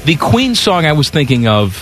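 A man hosting a sports radio show, in teasing, animated banter. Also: fairly high pitch, normal speed, faint music behind.

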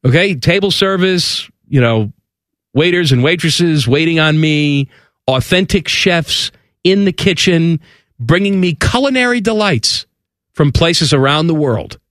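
A male sports radio host, talking in a lively voice that leaps up and down. He is sarcastic and incredulous in his banter, set close and dry on the studio mic. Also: on the high side, unhurried, no room sound.

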